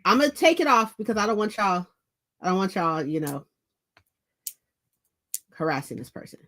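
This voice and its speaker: A woman hosting a book vlog, chatting casually to her viewers at home, animated and profane, repeating phrases for emphasis. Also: mid-range voice, normal speed. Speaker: book vlogger host. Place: indoors at home.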